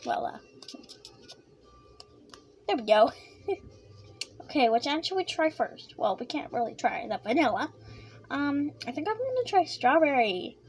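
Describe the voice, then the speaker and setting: A woman vlogging a casual snack taste-test, excitable and giggly, chatting while she eats with her mouth full. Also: high voice, unhurried, pauses often, faint music behind.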